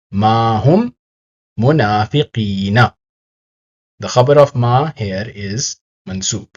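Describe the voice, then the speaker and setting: A man narrating a scripted Arabic grammar lesson, explaining each example slowly and carefully. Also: medium pitch, highs cut off.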